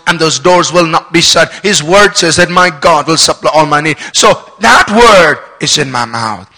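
A man's voice: fairly high pitch, bright, forceful tone. A man preaching a sermon to a congregation, building emphasis and calling for responses. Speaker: pastor. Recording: long hall reverb.

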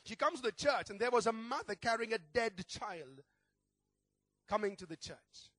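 A man's voice: high voice, lively intonation, moderate pace, sharp tone, no echo. A man preaching a sermon as pastor, telling a story earnestly and building to fervent prayer.

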